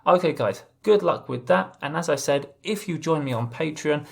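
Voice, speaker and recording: A man's voice: a little high, moderate pace, vocal fry. A man teaching legal writing in an online lesson, explaining step by step and often restarting his phrases.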